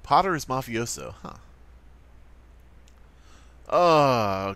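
A man's voice: mid-range voice, very animated, moderate pace, a bit bright, dry recording. A man commenting on a game in casual chat, teasing his co-host and riffing on jokes.

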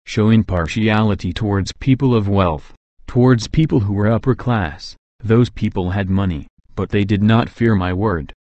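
A man voicing Jesus as a calm, fatherly guide, speaking gently and solemnly in a scripted reading. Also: lowish voice, dry recording, muffled recording, close to an everyday voice.

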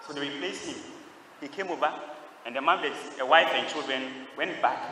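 A man's voice: on the high side, normal speed, bright, forceful tone, slight background noise. A man preaching a sermon to a large crowd, questioning them and drawing answers back in call-and-response. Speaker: priest. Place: large church. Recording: echoey hall, distant mic.

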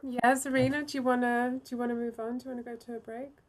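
A woman hosting an online talk, gently moderating and thanking the speaker over a video call. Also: a little high, flat delivery, fast talker. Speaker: event host.

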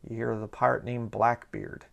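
A man's voice: medium pitch, little pitch movement, moderate pace, gravelly, fairly bright tone. A man, a pastor, giving a sarcastic, conversational commentary like a sermon and reading passages aloud.

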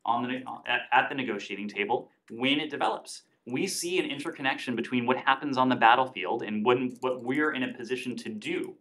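Male press spokesperson, mid-pitched, deliberate and measured, lots of filler pauses, briefing-room delivery. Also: sharp tone. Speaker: government spokesperson.

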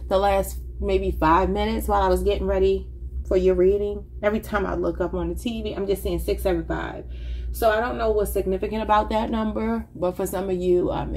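A woman's voice: medium pitch, warm tone, slight background noise. A woman giving a casual tarot reading, rambling and thinking aloud in an informal, chatty way. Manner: informal, says y'all. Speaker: tarot reader.

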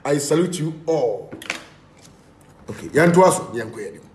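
A man with a Ghanaian accent hosting an online show, lively and urging listeners on. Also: a little high, normal speed. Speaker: host. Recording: echoey recording.

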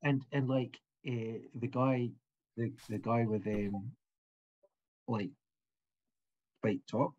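A man narrating as game master of a tabletop game, halting, with many fillers and restarts. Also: mid-range voice, fairly even intonation, darkish tone, highs cut off.

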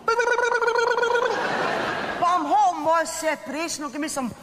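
A woman's voice: high-pitched, unhurried, fairly bright tone. A woman with a Scottish accent playing a wry, weary wife and mother in a live stage comedy. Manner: wry and chatty. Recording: noisy theatre recording.

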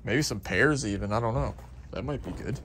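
A man talking casually as he films a vlog while digging through a dumpster, chatty and excitable, playfully stubborn. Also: mid-range voice, fairly quick, a little hiss or hum. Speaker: dumpster diving vlogger. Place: outdoors at a dumpster.

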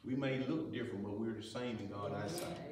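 A man's voice: fairly low pitch, animated, fairly quick, a little mellow, a little hiss or hum. A man teaching a Sunday school lesson in folksy preaching style, asking the class rhetorical questions. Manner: folksy preaching, Southern Black church vernacular. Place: church sanctuary. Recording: echoey church hall, mic far off.

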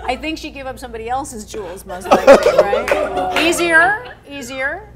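A woman's voice: high-pitched, big pitch swings, moderate pace, heavy background noise. A woman who is a guest on a talk show, chatting playfully and laughing often. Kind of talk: laughing casual chat.

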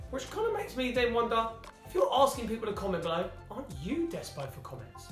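A man's voice: high voice, big pitch swings, fairly quick, a bit bright. A British man in a family vlog, casually reading comments aloud with dry, teasing humour. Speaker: family vlogger. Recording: echoey room, faint music.

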